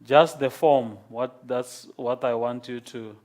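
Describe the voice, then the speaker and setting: A man lecturing a class, explaining slowly and patiently and checking in with "okay?". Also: medium pitch, fairly even intonation, darkish tone.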